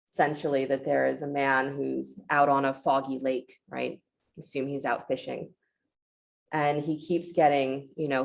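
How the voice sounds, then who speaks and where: Yoga teacher, woman: low-pitched, a little gravelly, calm encouraging cues and reflective talk. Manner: calm, encouraging cueing with short commands; reflective storytelling about letting go. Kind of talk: guided yoga class instruction.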